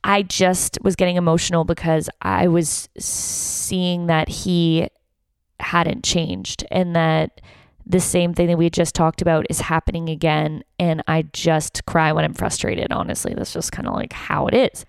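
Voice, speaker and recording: A young woman talks frankly on her podcast, pouring out a personal story with open emotion and frequent swearing. Her voice sits a little low and comes through smooth and clean, close and dry with no room sound. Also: level tone, measured pace, no room sound. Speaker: podcast host.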